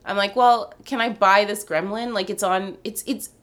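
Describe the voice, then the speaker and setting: A woman's voice: mid-range voice, moderate pace. A woman in her thirties from Canada, a comedian telling a self-mocking story in casual chat and acting out the people she quotes. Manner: animated, self-mocking, acts out quoted voices. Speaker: comedian guest.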